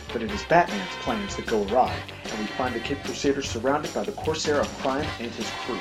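A man's voice: mid-range voice, animated, fairly quick, hardly any pauses, over music, poor audio. A man hosting a podcast, giving casual, rambling commentary with self-deprecating asides. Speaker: podcast host reviewing comics.

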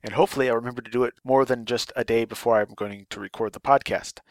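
A man's voice: medium pitch, steady tone, fast talker, no room sound. A man hosting a casual podcast, reading listener mail in a chatty, rambling way. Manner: rambling, chatty, with fillers and restarts. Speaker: podcast host.

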